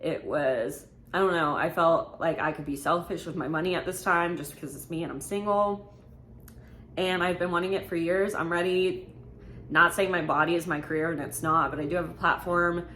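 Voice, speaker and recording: A woman's voice: lowish voice, moderate pace, a bit bright, a little hiss or hum. A woman, talking casually through a Q&A vlog, frank and full of fillers. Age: 20s. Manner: chatty, filler-heavy, frank. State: slightly out of breath. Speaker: vlogger.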